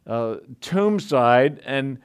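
A man's voice: mid-range voice, lively intonation, very slow, smooth. A man preaching a sermon in a conversational way, full of asides and restarts.

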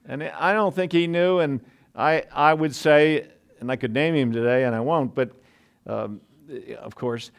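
A man's voice: mid-range voice, unhurried, gravelly, smooth. A man preaching a sermon in a conversational way, full of asides and restarts.

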